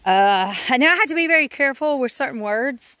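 Talking casually to her phone's camera outside on her farm, a woman homesteader rambles frankly, full of sighs and fillers. Her voice sits high and sounds animated, bright and forceful, a little fast, smooth and free of echo.

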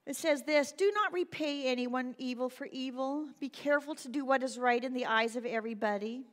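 A middle-aged woman pastor preaching a sermon in a church, animated and self-deprecating, acting out little voices. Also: high voice, brisk. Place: church sanctuary. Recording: long hall reverb.

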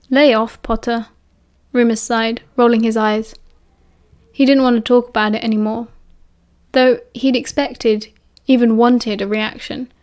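A woman with a British accent narrating an audiobook with a steady, expressive reading. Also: a little high.

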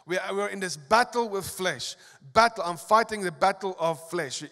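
Pastor guy preaching, kinda high voice, big echoey church hall. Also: normal speed. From South Africa. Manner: preaching with emphatic rises and soft asides. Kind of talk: sermon. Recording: long church hall reverb.

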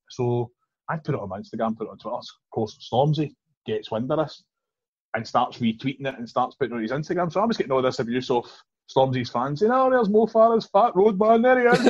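A man with a Glaswegian Scottish accent, a guest telling stories in a quick, chatty way with frequent restarts. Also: medium pitch, breathy edge, dry recording. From East End of Glasgow, Scotland. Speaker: guest, Olympic hammer thrower. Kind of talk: casual podcast chat. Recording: dull, lo-fi podcast recording.

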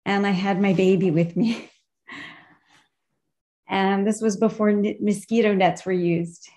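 A woman sharing a heartfelt personal memory at a memorial gathering, pausing often to search for her words, heard over a video call. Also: medium pitch, steady tone, mellow.

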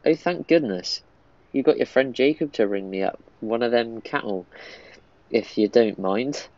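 A man reading the lines of a gruff old male cowboy cook from a mobile game, in his own plain voice without an accent. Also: mid-range voice, measured pace, a little mellow, highs cut off, a little hiss or hum, close to an everyday voice. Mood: amused reading.

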